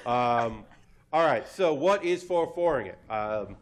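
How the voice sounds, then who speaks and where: A man hosting a live comedy panel on a convention stage, animated and laughing at his own jokes. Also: mid-range voice, takes it slowly. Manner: animated, laughing, self-deprecating. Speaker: host. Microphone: handheld or stand mic.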